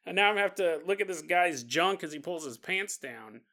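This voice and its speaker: A man's voice: high voice, animated, a little fast, creaky, sharp tone, full character voice. A man voicing a reluctant, exasperated doctor who grumbles and asks blunt questions, in a comedic podcast story.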